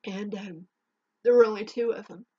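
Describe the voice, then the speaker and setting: A woman telling a painful personal story in a halting, emotional way, her voice trembling near tears, in a dull lo-fi home recording. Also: mid-range voice, warm tone, slightly rough, no echo. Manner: halting, emotional, with restarts and long pauses. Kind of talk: personal spoken testimony.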